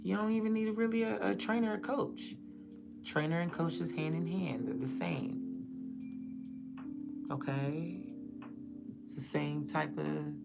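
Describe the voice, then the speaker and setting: A young woman talks on her livestream in a low, deep voice. Her voice has a gravelly fry. She rambles in a blunt, profane, casual way. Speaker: livestream host.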